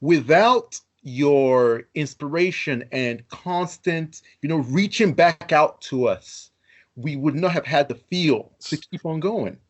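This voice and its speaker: Man, podcast host, higher pitch, earnest, enthusiastic. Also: expressive, slow pace. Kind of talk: casual interview.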